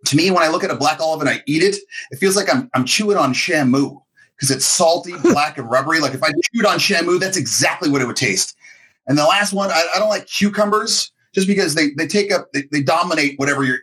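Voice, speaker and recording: Husky middle-aged man telling a story. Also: on the high side, fast talker. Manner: animated, self-mocking storyteller who acts out quotes. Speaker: podcast co-host. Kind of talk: casual storytelling chat.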